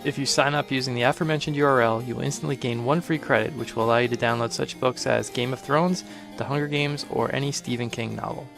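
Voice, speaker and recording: A man reading a scripted sponsor message in a steady way. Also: medium pitch, fast, gravelly, music in the background.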